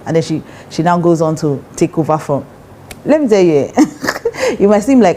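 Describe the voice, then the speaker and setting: Emphatic Nigerian woman with a low voice. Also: normal speed, warm tone, slight background noise. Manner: emphatic, acts out quoted voices, laughs often. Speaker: relationship advice speaker. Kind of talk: casual advice talk.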